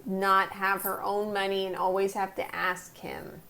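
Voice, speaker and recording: A woman's voice: medium pitch, flat delivery, measured pace, vocal fry, pushed and bright. A woman co-hosting a podcast, chatting casually and reacting eagerly. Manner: agreeable, reactive, gossipy. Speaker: podcast co-host. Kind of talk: casual chat.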